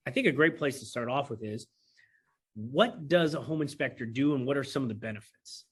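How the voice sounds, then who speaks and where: A man's voice: mid-range voice, animated, a little fast, slightly rough. A man who is a realtor, co-hosting a podcast in a chatty, upbeat way. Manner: chatty, upbeat, hosts the guest. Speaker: realtor co-host. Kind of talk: casual podcast chat.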